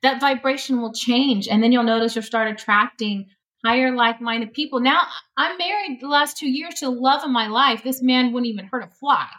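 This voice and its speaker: A woman's voice: a little high, a little fast, a bit bright. A middle-aged woman, a guest on an interview show, talking earnestly about healing and often laughing as she speaks. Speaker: energy healing practitioner, guest. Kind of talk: conversational interview.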